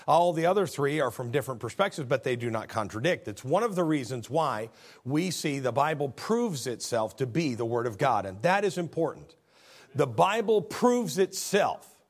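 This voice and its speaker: A middle-aged male pastor giving a sermon, building to emphatic, raised passages and then dropping low and soft. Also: expressive, a little fast. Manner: leads a call-and-response scripture reading.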